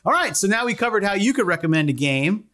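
A man co-hosting a casual retro-games podcast, joking and teasing in a relaxed chat. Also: sits high, fast talker. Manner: joking, teasing, crude jokes. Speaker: podcast co-host.

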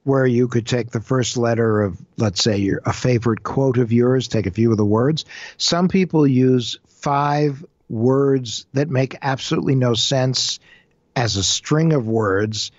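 Answering interview questions as an expert on identity theft, this man tells stories with animated energy, voicing scammers and victims alike. He speaks at a medium pitch and a little slowly, with no echo, and the highs are cut off.

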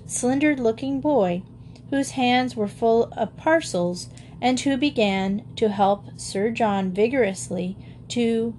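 A woman narrating an old-fashioned children's story in a gentle, even storytelling manner. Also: fairly high pitch, a little hiss or hum. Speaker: audiobook narrator.

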